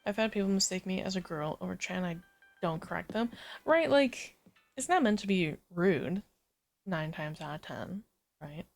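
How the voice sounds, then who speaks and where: A woman with a lowered morning voice hosting a livestream, chatting casually while she plays a game, easygoing and rambling with many fillers. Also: animated, moderate pace, gravelly, soft background music. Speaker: livestream gamer host.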